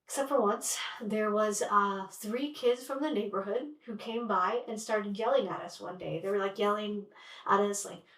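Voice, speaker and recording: Woman storyteller, wry and chatty, somewhat high, mic far off in an echoey room. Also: moderate pace, a bit bright. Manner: wry, conversational, with lots of "like". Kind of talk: personal storytelling. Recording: roomy sound from a distant mic.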